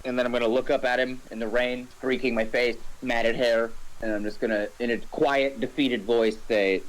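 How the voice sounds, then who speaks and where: A man's voice: mid-range voice, steady tone, moderate pace, poor audio. A man playing a tabletop role-playing game, describing his character's actions with hesitant phrasing full of "like" and "kinda.". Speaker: player.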